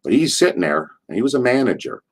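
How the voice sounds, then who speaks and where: A man's voice: mid-range voice, big pitch swings, fast talker. A man from Allentown, Pennsylvania, a wrestler, telling rambling backstage stories in an interview, swearing casually and restarting his sentences. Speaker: retired pro wrestler, interview guest. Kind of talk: rambling anecdotal storytelling.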